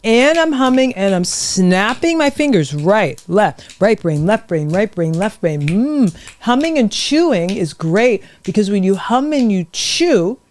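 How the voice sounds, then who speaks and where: A middle-aged woman, a vocal coach, leading warm-up exercises in a lively, encouraging, demonstrative way on a podcast. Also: medium pitch, unhurried, hardly any pauses. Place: podcast studio.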